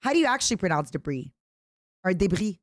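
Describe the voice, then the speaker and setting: A woman's voice: on the low side, sing-song, fast, no echo. Playful giggly streamer lady from eastern europe, dry close mic, chatting to chat. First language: French-schooled, non-native English.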